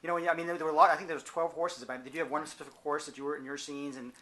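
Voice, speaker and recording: A man's voice: fairly high pitch, steady tone, racing, sharp tone. A man interviewing an actor, asking rambling questions full of repeated words.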